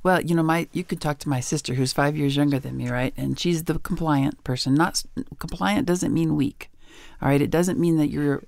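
A woman's voice: low voice, moderate pace, vocal fry, dry recording. A woman guest on a radio talk show, an author and educator telling stories with chuckles, on a studio mic. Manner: animated storyteller, chuckles often.

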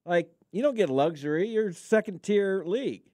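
A man's voice: high voice, animated, normal speed, darkish tone, dry recording, clean studio sound. A man co-hosting sports radio, asking quizzical, needling questions. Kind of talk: casual sports radio chat.

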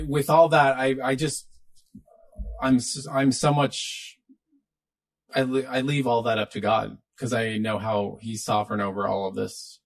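A man's voice: medium pitch, vocal fry. A man hosting a live stream and answering viewer questions in a loose, easygoing way, with many fillers and restarts. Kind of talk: casual live Q&A.

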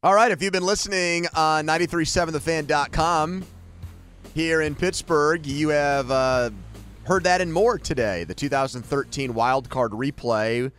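A man's voice: medium pitch, fairly bright tone. A man hosting a sports radio show, chatting casually and teasing his co-host.

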